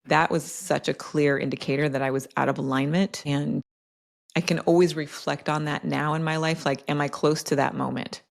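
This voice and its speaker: A woman with a low voice and a gravelly, fry-laden edge speaks as a podcast guest. She tells personal stories in a reflective, unhurried conversational way, leaning on "like" and "right?" as she thinks aloud. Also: steady tone. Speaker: podcast guest, health coach. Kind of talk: casual conversational interview.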